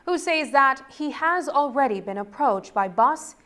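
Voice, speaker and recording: A woman reporter giving scripted news narration in a measured, crisp delivery. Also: high-pitched, expressive, fairly bright tone.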